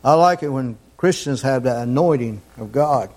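A man preaching a fervent sermon, repeating his phrases and climbing toward near-shouts. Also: medium pitch, moderate pace.

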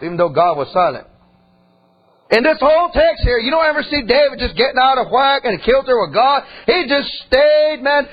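A man preaching a sermon in a folksy, animated way, full of asides and questions to the congregation. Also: very high-pitched, husky, dull audio.

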